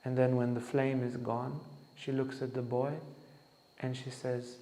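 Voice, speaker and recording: Gravelly man lecturing in an echoey hall. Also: medium pitch, monotone, a little slow, warm tone. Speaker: spiritual teacher giving a lecture. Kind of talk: storytelling spiritual lecture.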